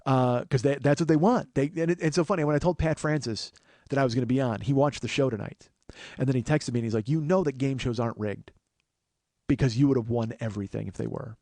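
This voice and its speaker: Quick-paced and medium in pitch, the darkish-toned podcast host spins a long, loose anecdote from his own life without any echo. He keeps restarting and voices the words of the people in his story.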